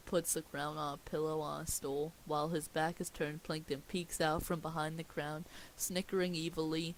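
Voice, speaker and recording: A woman's voice: low voice, little pitch movement, moderate pace, a little hiss or hum, rough recording. A young woman casually reading a cartoon script aloud, breaking into giggles and chatty asides. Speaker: script reader.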